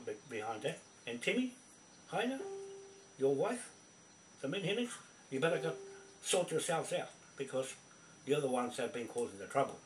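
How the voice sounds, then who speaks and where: A man ranting angrily at the camera, swearing constantly and confronting people by name. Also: mid-range voice. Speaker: video poster. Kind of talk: angry rant to camera. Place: indoors at a computer. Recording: roomy, distant from mic, faint background noise.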